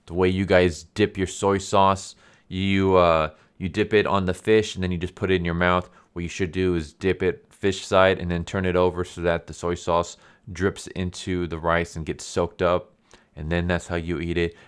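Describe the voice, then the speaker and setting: A man voicing a blunt young woman who scolds a table of diners in an exasperated, lecturing way, using his own low voice. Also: flat delivery, normal speed, clean tone, lightly acted.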